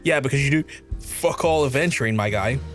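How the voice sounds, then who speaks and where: A man with a Northern Irish accent talks through a gaming stream in a middle-range voice, rambling from one gripe to the next. He slides into exasperated mock rants, with soft game music playing faintly underneath. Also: mid-range voice, a little fast. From Northern Ireland. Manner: rambling, exasperated ranting with mock-outraged quoted asides. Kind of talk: casual gaming-stream chat.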